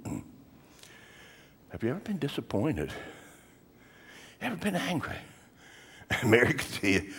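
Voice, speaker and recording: An older male pastor preaching a sermon, telling stories dramatically and swinging between hushed and raised delivery. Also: a little high. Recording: long hall reverb.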